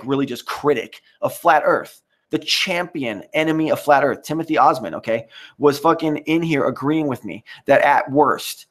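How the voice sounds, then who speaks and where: A man's voice: on the high side, normal speed. A man hosting a live stream, ranting in a rambling, profane and mocking way while answering the chat. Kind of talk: casual live-stream rant.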